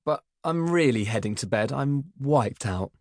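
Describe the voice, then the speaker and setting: A man's voice: medium pitch, expressive, unhurried, no room sound, studio quality. A man voicing a determined, sensible twelve-year-old girl in an audiobook. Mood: insistent. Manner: insistent.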